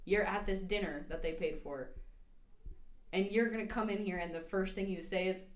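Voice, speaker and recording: A woman's voice: mid-range voice, moderate pace, echoey room. A young adult woman co-hosting a podcast, telling a story in casual chat with laughs and mimicked quotes. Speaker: podcast co-host.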